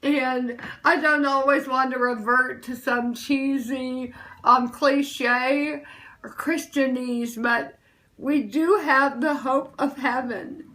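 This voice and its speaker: Young woman chatting live from her kitchen, high bright voice, slow and emotional. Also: steady tone, poor audio. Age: young adult. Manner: emotional, tearful at times, enthusiastic. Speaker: host. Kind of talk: casual live-stream chat. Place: kitchen table at home.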